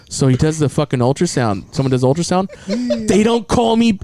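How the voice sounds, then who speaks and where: Animated swearing man telling stories. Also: on the high side, a little fast, crowd noise. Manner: animated, swearing, acts out quoted voices. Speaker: podcast host. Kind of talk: casual storytelling chat.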